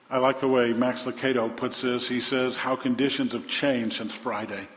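A man preaching a sermon, telling stories with humor and swinging between loud emphasis and low, soft lines. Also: flat delivery, normal speed, hardly any pauses. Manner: storytelling with humor. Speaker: pastor. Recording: dull sound with long hall reverb.

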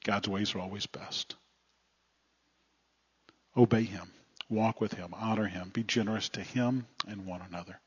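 A male pastor preaching a sermon in a plainspoken, earnest way, often letting phrase ends drop quiet. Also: on the low side, steady tone, unhurried, long pauses, husky. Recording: slightly muffled lo-fi recording.

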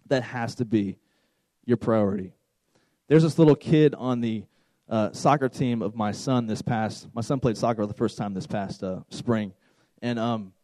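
A man's voice: medium pitch, dark tone, no echo, rough recording. A man in his thirties preaching a conversational sermon to a youth group as their pastor, repeating words and joking with the room.

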